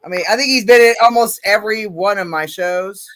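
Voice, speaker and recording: A woman hosting a casual chat, loud, profane and animated. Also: mid-range voice, fairly quick. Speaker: host.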